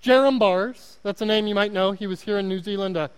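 A man's voice that sits high, with a clean tone and a slightly fast delivery, preaches as a guest pastor in a church. He has an Oklahoma accent, hails from Oklahoma in the United States, and stays earnest and self-deprecating, repeating words for emphasis. Long hall reverb is audible.

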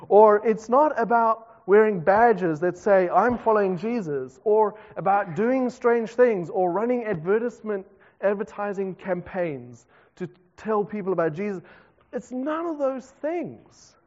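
A South African man preaches in a relaxed, conversational way, breaking into self-deprecating asides. His voice sits high for a man. The recording is muffled, with a long echo from a big hall. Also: measured pace. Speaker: pastor. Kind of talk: sermon. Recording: dull reverberant hall recording.

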